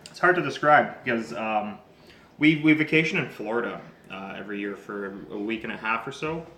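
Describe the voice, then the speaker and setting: A man runs his own cooking channel from a home kitchen, talking casually as he cooks and tastes. His voice is sharp and bright. The room is noticeably echoey, with a faint hum of household noise behind him. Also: lowish voice, brisk. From Canada. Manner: chatty, talks while tasting food. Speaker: home cook and channel host.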